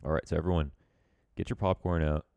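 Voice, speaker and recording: Over a noisy background, a man with a gravelly bass voice talks a little fast in a steady tone. As an esports coach, he reviews a match demo in loose, chatty commentary. Filler words come often, and so do some self-deprecating asides.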